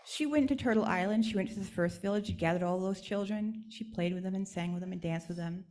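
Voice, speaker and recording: A woman's voice: medium pitch, fast talker, a little mellow. A woman tells a traditional teaching story at a church service, speaking in a mid-range voice. Her manner is instructive and storytelling.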